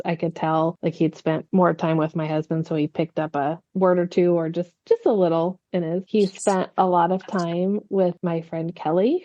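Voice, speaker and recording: A woman's voice: lowish voice, mellow, dry recording. Chatty woman on a muffled podcast mic. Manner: chatty, storytelling. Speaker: podcast co-host. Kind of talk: casual chat.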